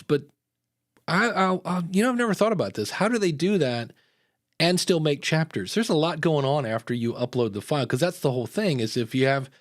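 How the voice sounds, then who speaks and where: A man's voice: mid-range voice, no echo. Guy hosting a podcast, chatty and jokey, dead dry mic. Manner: rambling, upbeat, jokey. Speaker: podcast host. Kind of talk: casual live chat.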